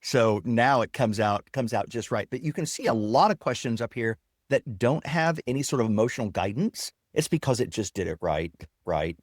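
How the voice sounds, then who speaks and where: A man guest, a software founder, explaining his product while demonstrating it on screen in a casual interview. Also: mid-range voice, lively intonation, moderate pace, dry recording, clean studio sound.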